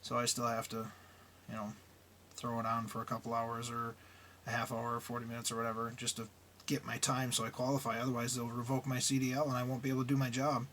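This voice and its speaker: A man's voice: mid-range voice, completely flat delivery, fast talker, a bit bright, slight background noise. Blunt, grumbling male trucker vlogger. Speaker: truck driver. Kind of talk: casual vlog monologue.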